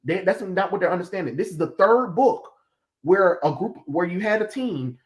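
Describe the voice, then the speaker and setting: Man ranting bluntly, fairly high voice. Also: lively intonation, moderate pace. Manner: heated, blunt ranting with profanity. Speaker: stream host. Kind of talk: casual chat.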